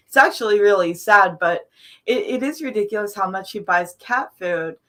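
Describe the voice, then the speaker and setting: A woman chats on a casual commentary panel in a middle-pitched voice. She is sarcastic, laughs a lot and stumbles over repeated words. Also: a bit bright. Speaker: panel guest.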